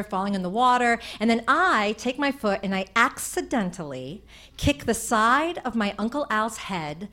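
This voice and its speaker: A young woman telling a comic personal story on stage, animated and chatty, with many fillers. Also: on the high side, slight background noise.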